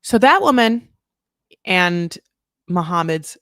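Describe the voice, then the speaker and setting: A woman hosting a casual recap chat, rambling through tangents and correcting herself, with sudden jumps up in pitch. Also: big pitch swings, slow pace, fairly bright tone, dry recording, studio quality. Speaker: recap show host.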